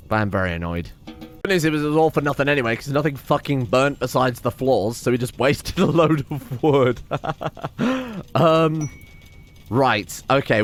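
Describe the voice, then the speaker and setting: Excitable man narrating gameplay. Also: medium pitch. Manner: excitable, swears often, reacts aloud to the game. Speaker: let's play host. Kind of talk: casual gameplay commentary.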